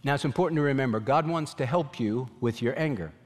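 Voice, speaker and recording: A man preaching a sermon as a pastor, animated, voicing God's questions in a pleading tone. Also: mid-range voice, fast, in a large hall.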